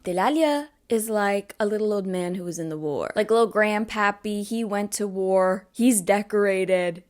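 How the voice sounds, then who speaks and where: A young woman chatting through a book recap for her channel. Her voice sits at an ordinary middle pitch. She talks in a relaxed, playful way with wry, sarcastic asides.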